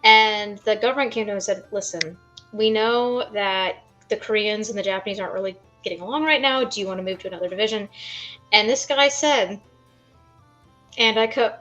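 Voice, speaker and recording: A woman's voice: mid-range voice, a bit bright, highs cut off. A woman chatting as a guest on a livestream and telling a story earnestly and emotionally. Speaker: stream guest. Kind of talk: casual stream chat.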